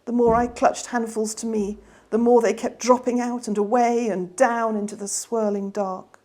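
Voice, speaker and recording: A woman reading her children's novel aloud in a gentle, expressive way. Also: fairly high pitch, moderate pace. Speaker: author reading her book.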